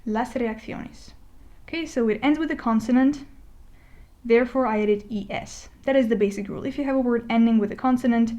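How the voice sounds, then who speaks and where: A woman with a slightly high voice narrates a Spanish grammar lesson over a whiteboard. She talks casually, with fillers and restarts. She slows down when she says the example words. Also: mellow. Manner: conversational, with many fillers and restarts, slowing to spell out example words. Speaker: Spanish teacher. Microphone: voice-over recording.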